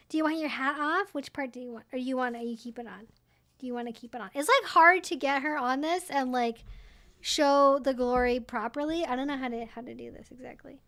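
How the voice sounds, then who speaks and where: A young woman hosts a casual home livestream, speaking into a desk microphone. Her voice sits high and she talks emphatically, slipping into doting baby talk. The tone is chatty and unscripted. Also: normal speed, creaky, a bit bright. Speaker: streamer host.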